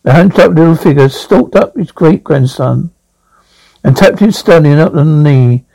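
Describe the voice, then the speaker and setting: A man's voice: on the high side, normal speed, creaky, dark tone, no room sound, rough recording. A man reading a novel aloud as an audiobook narrator, with frequent stumbles and restarts.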